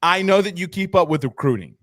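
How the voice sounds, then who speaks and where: A man, hosting a sports talk show, telling stories in an animated, joking way. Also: sits high, a little fast, no room sound, studio quality.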